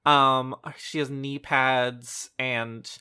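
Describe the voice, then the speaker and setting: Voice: mid-range voice, flat delivery, very slow, sharp tone, clean tone. A podcast co-host in casual chat, rambling and hesitant with many ums.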